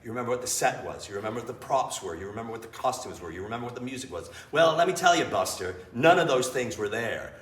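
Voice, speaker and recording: A man's voice: mid-range voice, fast talker, hardly any pauses, far from the mic. A man, an improv teacher, telling stories to a live audience in a small theater with blunt, profane candor. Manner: blunt and profane, freely swearing; animated storyteller who acts out scenes. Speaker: improv teacher and interview guest. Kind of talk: candid storytelling before a live audience. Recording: echoey room, voice from afar, faint ambience.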